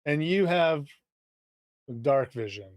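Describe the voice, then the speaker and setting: A man's voice: fairly high pitch, expressive, slow, no room sound, studio quality. A man running a tabletop game as game master, hesitating and searching for words as he narrates.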